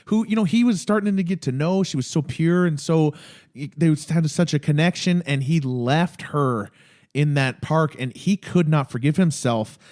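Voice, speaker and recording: A man's voice: fairly high pitch, normal speed. A man co-hosting a TV rewatch podcast, talking emotionally and acting out quoted lines. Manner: emotional, animated, quotes scenes in a raised voice. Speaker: podcast co-host. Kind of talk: casual chat.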